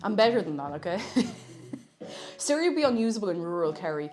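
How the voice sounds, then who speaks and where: Animated woman chatting while she cooks. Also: medium pitch, quick pace. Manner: chatty and animated, reading chat messages aloud. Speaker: live streamer. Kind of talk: casual chat while cooking. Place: home kitchen. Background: faint music.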